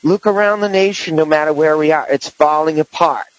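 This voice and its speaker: A man's voice: on the high side, fairly quick, poor audio. A man hosting a podcast in casual political chat, rambling with many restarts and fillers. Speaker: podcast host.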